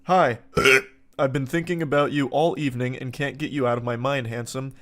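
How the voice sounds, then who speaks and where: A man's voice: medium pitch, fairly even intonation, moderate pace, a bit bright, close to an everyday voice. Gushing young woman texting her match, sugary and too sincere , read out by a man.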